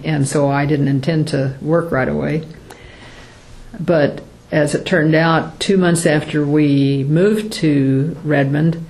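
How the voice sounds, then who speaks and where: An older woman giving an oral history interview, speaking haltingly with many fillers and restarts. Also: deep voice, darkish tone.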